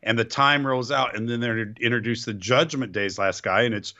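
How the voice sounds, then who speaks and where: A man's voice: medium pitch, a little fast, sharp tone, lo-fi sound. A man co-hosting a wrestling podcast, bantering in a playful, joking way and throwing in slang. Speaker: podcast co-host. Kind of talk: casual wrestling chat.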